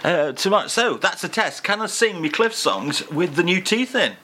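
A chatty man hosts a community radio show, rambling and joking as he goes. His pitch swings up and down in a lively way. A faint hiss sits behind him in the studio. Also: moderate pace. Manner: jokey, rambling, chatty, talking through a mouthful. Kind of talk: casual chat.

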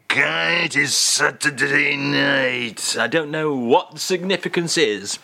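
Playful radio presenter. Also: male voice, on the high side, a little slow, creaky, hardly any pauses, no echo. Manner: playful, mock-grand, lively patter.

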